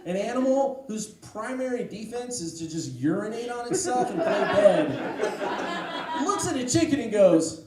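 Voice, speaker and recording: Rambling stand-up comic in echoey room. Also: male voice, high-pitched, normal speed, crowd noise. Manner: rambling storytelling with deadpan asides. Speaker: stand-up comedian. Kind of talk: stand-up comedy set. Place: comedy club stage. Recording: echoey room, distant mic, noise. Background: audience laughter.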